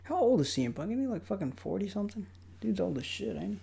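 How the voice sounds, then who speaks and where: Young man, casual movie commentary, raspy, gravelly, animated delivery, swearing. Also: high-pitched, quick pace. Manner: profane, loud outbursts and mocking asides.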